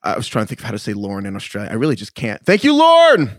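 A man's voice: fairly even intonation, racing, no room sound, studio quality. A man hosting a casual podcast chat, joking and laughing often. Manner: jokey, laughing, swings pitch widely. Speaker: podcast host.

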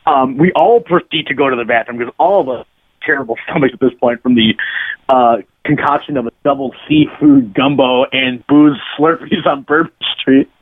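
With a breathy edge to his medium-pitched voice, a bass player guesting on a podcast tells a rambling, crude anecdote at a moderate pace. He laughs as he goes in this casual storytelling chat, recorded with phone-like lo-fi sound.

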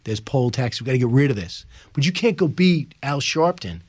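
A man's voice: medium pitch, normal speed, breathy edge, no room sound. A man, an author on a podcast, telling a story with energy and acting out what people in it said. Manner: energetic, acts out quoted speech in the story. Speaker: author guest. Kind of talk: animated storytelling in a podcast interview.

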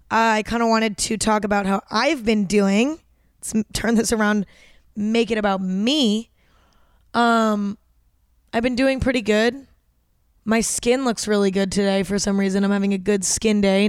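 A young woman hosts a solo podcast in a loose, rambling chat, peppered with fillers and casual swearing. Her voice is smooth and clear, at a middle pitch for a woman. She sits close to the mic in a dry, dead room and sounds a little groggy. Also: no echo. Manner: rambling, self-deprecating, frequent swearing and filler "like". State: groggy from waking early. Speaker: podcast host.

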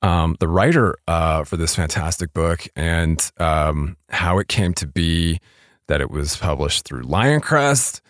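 A man's voice: low-pitched, lively intonation, takes it slowly, no echo, clean studio sound. A man hosting a podcast interview, talking casually with lots of fillers and restarts. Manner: rambling, self-deprecating, many fillers and restarts. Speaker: podcast host. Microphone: studio podcast mic.

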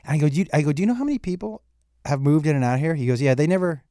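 Animated man telling a story, dry sound. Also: fairly high pitch, racing, no room sound. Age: middle-aged. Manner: animated storyteller, acts out dialogue, profane. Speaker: comedian guest. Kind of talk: casual storytelling chat.

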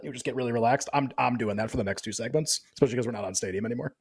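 A man's voice: mid-range voice, breathy edge. A man talking through sports bets in a loose, casual chat, full of fillers and asides. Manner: quick, loose and conversational, lots of fillers. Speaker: sports betting analyst.

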